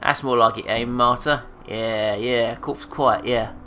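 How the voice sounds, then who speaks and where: A man's voice: medium pitch, steady tone, unhurried, bright, forceful tone, soft background music. A man voicing a sour old female corpse-robbing seamstress who mumbles to herself in a sing-song voice. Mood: muttering. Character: shrieking old female ghoulish seamstress, muttering.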